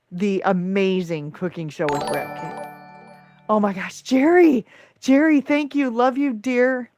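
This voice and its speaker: A woman's voice: medium pitch, no echo. A woman hosting a casual livestream, effusively thanking viewers by name as she reads the chat. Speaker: livestream host.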